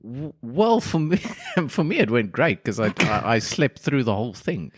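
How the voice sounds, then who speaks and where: A man's voice: mid-range voice, very animated, normal speed, husky, no echo. A man co-hosting a podcast, telling stories in a rambling, hesitant way with many fillers. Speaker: podcast co-host. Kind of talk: casual podcast chat.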